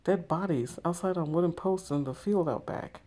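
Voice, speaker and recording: A woman's voice: fairly low pitch, moderate pace, mellow, natural voice. A woman reading as a frightened young woman in hiding. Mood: scared. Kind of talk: text story read aloud.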